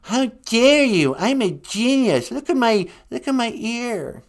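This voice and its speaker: Here is a swaggering, thin-skinned male painter who thinks he is a genius and calls everyone "man", as a man puts him on. He pushes his voice up and makes it loud and lively, swinging all over the place. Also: high-pitched, a little slow, pitched above the performer's own voice. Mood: indignant. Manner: indignant, slangy, keeps calling people man. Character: brash, touchy famous male painter, arrogant and easily offended.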